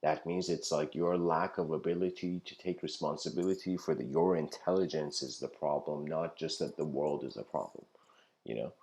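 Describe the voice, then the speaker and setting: Man, very deep voice, informal lecture, rambling, frequent laughs, storytelling. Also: normal speed, a little mellow.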